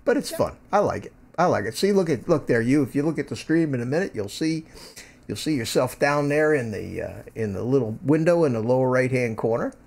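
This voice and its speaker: A man's voice: medium pitch, expressive, brisk, gravelly, a little mellow. An older man hosting a casual live stream from home, rambling and repeating words as he talks into a desk microphone. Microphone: desk microphone through a USB mixer.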